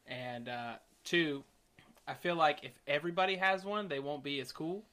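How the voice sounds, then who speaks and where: A man's voice: fairly high pitch, unhurried, bright, forceful tone. A man co-hosting a podcast in casual, profane chat, laughing often. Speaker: podcast co-host.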